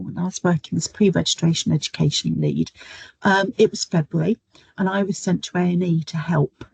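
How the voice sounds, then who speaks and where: A middle-aged woman speaking on a webinar, telling stories from her nursing work in a chatty way and pausing on frequent ums. Her fairly low voice has a gravelly, husky texture. The video-call sound is dry and close. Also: warm tone, no room sound, rough recording. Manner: chatty, storytelling, frequent "um" fillers. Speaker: guest speaker, nurse educator. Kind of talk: webinar talk with anecdotes.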